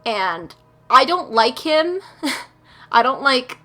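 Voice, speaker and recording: A young woman hosts a casual let's play with a bright, high voice that bounces lively up and down. She is chatty, giggly and opinionated, filling her talk with "like". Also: slow, soft background music. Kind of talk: casual gameplay commentary.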